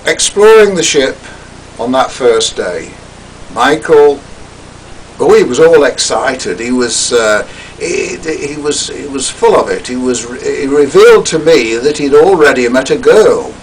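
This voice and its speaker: Theatrical older man telling a story, slow. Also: medium pitch, lively intonation, distant mic, a little hiss or hum, poor audio. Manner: theatrical, wry, drops to hushed asides. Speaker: storyteller giving a talk. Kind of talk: recounted personal story.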